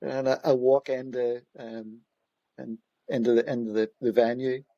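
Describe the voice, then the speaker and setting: A man's voice: mid-range voice, little pitch movement, normal speed, dark tone, dry recording, muffled recording. A middle-aged man, a police commissioner, telling stories in an interview in a conversational way, with frequent fillers and restarts. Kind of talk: anecdotal interview storytelling.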